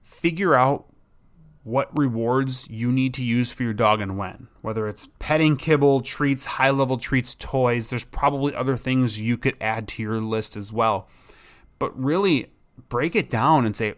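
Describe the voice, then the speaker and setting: A man's voice: mid-range voice, normal speed, fairly bright tone. A man hosting a dog training podcast, talking casually and enthusiastically, rambling with frequent restarts. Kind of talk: casual solo podcast talk.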